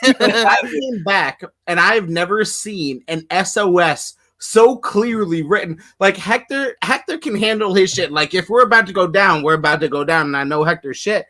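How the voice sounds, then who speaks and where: A man with a high, bright voice tells a story across a table of friends. He is animated and laughing, swearing freely, and keeps pushing the story forward. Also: moderate pace. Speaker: podcast co-host. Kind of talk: casual storytelling banter.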